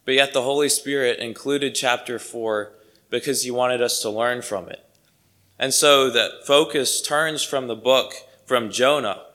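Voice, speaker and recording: Man, preacher, sermon, bright tone, mid pitch, emphatic, repeats phrases. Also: unhurried.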